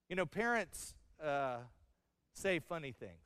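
A man's voice: high-pitched, lively intonation, a little slow, fairly bright tone, clean tone, no room sound, long reverb tail. A middle-aged man preaching a sermon, telling stories with humor and acting out the lines of the people in them. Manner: storytelling with humor and acted-out quotes. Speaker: pastor.

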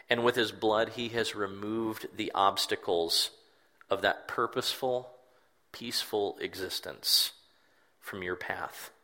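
Earnest male pastor, bright tone. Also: lowish voice. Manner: earnest, reflective, repeats words for emphasis. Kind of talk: sermon.

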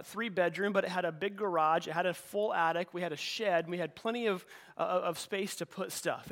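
High-voiced man preaching a casual sermon. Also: a bit bright. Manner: conversational, with frequent repeated words and restarts. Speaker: pastor. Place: church sanctuary.

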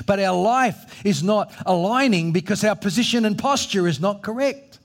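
A man's voice: high-pitched, a little fast, hardly any pauses. A middle-aged man, preaching a sermon with strong emphasis and acting out the voices in the story. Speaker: pastor.

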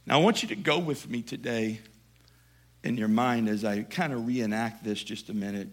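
A male preacher retelling a scripture story in a conversational sermon, dropping to quiet asides and building to emphatic passages. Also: on the low side, moderate pace.

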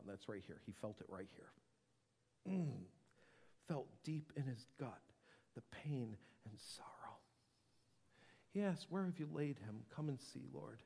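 A man preaching a sermon, dropping to a whisper and building to loud, emphatic passages. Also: mid-range voice, vocal fry, in a large hall. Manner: dramatic swings from whisper to loud. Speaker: pastor.

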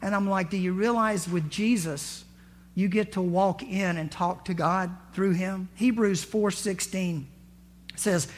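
High-voiced conversational male pastor. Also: a little slow. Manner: conversational, acts out scripture and quotes with rising emphasis. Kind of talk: sermon.

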